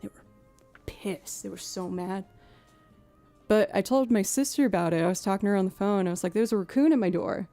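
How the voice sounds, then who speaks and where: A woman's voice: medium pitch, fairly quick, long pauses, mellow, no echo, soft background music. A woman in her thirties from outside Boston, chatting casually with viewers on her stream in a rambling way, full of fillers and a Boston accent with a hint of Southern. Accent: Boston with a creeping Southern twang. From New England, outside Boston. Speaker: streamer and musician. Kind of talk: casual live-stream chat.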